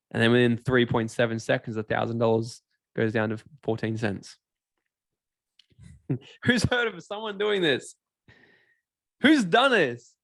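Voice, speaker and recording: A man's voice: mid-range voice, a little slow, creaky, long pauses, no room sound, studio quality. A man giving a motivational seminar talk, acting out characters and asking the audience questions. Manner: animated, acts out characters and quizzes the audience. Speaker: seminar speaker.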